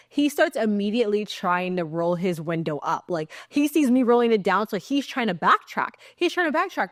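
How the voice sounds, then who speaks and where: A young woman from Texas chats on a podcast, retelling a story with lively, expressive delivery. She jumps up in pitch to act out what people said and swears without a second thought. Her voice sits at a middling pitch and comes through a close, dry mic with no room sound. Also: no room sound. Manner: animated, swears freely, acts out quotes with big pitch jumps. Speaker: podcast co-host. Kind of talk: casual storytelling chat.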